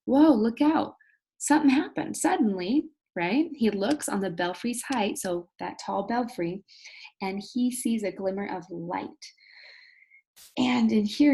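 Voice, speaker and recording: Husky-voiced woman teaching a lesson. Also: mid-range voice, a little mellow. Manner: patient explaining, talking straight to students. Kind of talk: recorded video lesson.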